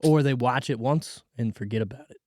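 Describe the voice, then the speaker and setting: A man's voice: medium pitch, brisk, a little mellow, no echo, studio quality. A man hosting a movie review podcast in casual chat, a little sick and congested, rambling and joking. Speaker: podcast host.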